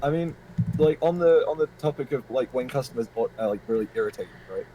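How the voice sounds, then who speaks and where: A man's voice: medium pitch, fast talker, mellow, slight background noise, rough recording. A man chatting over voice chat as a stream guest, joking and swearing freely.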